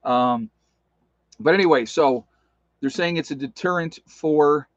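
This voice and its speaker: A man's voice: fairly high pitch, a little slow, dry recording. A man hosting a livestream, rambling casually and answering viewer comments as he goes. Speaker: livestream host. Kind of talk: casual livestream talk with chat. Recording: dull lo-fi stream audio.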